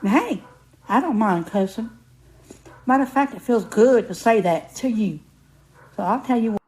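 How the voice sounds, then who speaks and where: A woman's voice: on the high side, lively intonation, normal speed, darkish tone, poor audio. An older woman making an indignant video, cussing out a critic.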